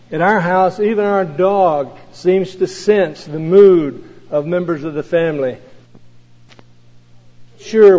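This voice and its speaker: A man preaching an earnest sermon as a pastor, slow and measured, leaning on key phrases. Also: high voice, mellow. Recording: dull lo-fi recording with long hall reverb.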